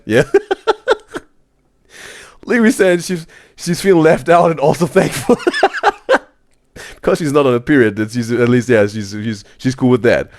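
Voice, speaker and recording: A man hosting a live stream, reading chat messages aloud in a casual, excitable way and saying "bro" constantly. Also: medium pitch. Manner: animated, exclaims "bro" constantly, laughs often.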